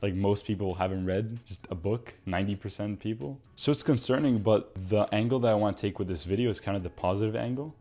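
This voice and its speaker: A man in his twenties giving a casual, earnest motivational talk to viewers, now and then mocking others in a put-on voice. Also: on the low side. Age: 20s. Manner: earnest, animated, talks to viewer as "bro"; mocks friends in put-on voices. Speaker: self-improvement video host.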